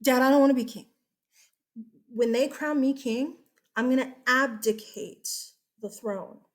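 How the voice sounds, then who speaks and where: A reluctant young prince brushes off the throne in a dismissive, casual way, as a woman teacher acts him out. The voice sits a little high and stays offhand. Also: measured pace.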